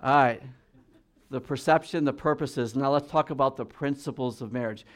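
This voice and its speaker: A male pastor preaching a conversational sermon, talking straight to his congregation and slowing down to read scripture aloud. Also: medium pitch.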